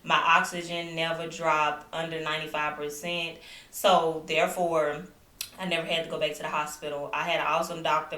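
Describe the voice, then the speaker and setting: A woman's voice: deep voice, recorded from a distance. A young woman vlogging at home, chatting animatedly about being sick while still recovering with a lingering cough. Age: young adult. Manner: chatty, animated retelling with asides to viewers. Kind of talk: casual storytelling to camera. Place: home, indoors. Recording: echoey room, voice off-mic.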